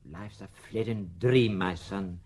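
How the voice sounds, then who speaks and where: A man's voice: on the low side, measured pace, a little mellow. An actor playing a weary aging father who has lost hope, speaking with resignation, in a 1970s radio drama. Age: older.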